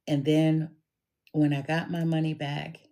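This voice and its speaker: A woman's voice: deep voice, flat delivery, mellow. A middle-aged woman telling a personal story in a casual, emphatic way, speaking straight to the listener. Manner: slow, deliberate and emphatic, addresses listener directly.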